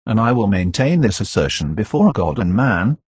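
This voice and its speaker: A grave doctor lays out his case in firm, measured words, as a male narrator voices him. The voice sits low and husky, steady and insistent. The sound is dry and close. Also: no room sound. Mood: solemn.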